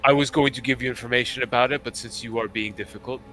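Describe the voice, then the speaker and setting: A man voicing a gruff retired male pirate who now works as a warden, speaking in a dry, weary, slightly pompous way. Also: mid-range voice, steady tone, quick pace, pushed and bright, faint music behind, close to an everyday voice.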